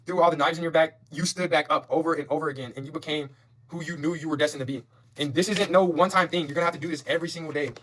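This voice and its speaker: A man's voice: on the high side, a bit bright. A man giving a motivational tarot reading, fervent and repetitive, preaching affirmations and swearing casually. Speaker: tarot reader.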